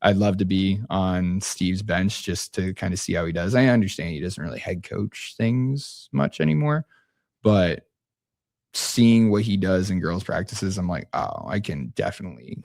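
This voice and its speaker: A young man with a very low, deep voice talks in a laid-back, easygoing way. His speech rambles and keeps restarting mid-sentence, like casual podcast chat. The sound is dry and close, with no room in it. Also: measured pace, vocal fry, darkish tone, dry recording. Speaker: basketball coach guest.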